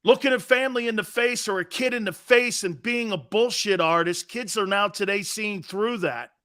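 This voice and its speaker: A man's voice: sits high, normal speed, fairly bright tone. A man from Connecticut hosting a sports talk show, blunt and mocking as he reads viewer comments and rants.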